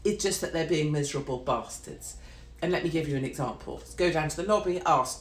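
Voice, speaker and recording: A woman's voice: low voice, brisk. A middle-aged British woman delivering a brash, sweary, sarcastic live-stream rant. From Britain. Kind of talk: ranting live-stream monologue. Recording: roomy echo.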